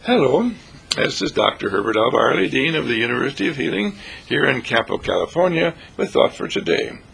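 A man's voice: mid-range voice, sing-song, brisk, gravelly, a bit bright, slight background noise. A man hosting a spiritual radio segment, giving a rambling, repetitive inspirational talk in a theatrical way. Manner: repetitive, theatrical, breaks into song snatches.

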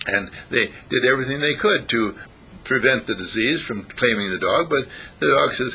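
Here the spiritual teacher sounds bright and forceful, medium in pitch, animated, and at normal speed. Chuckling often, he questions the small group he's addressing in an informal spiritual talk.

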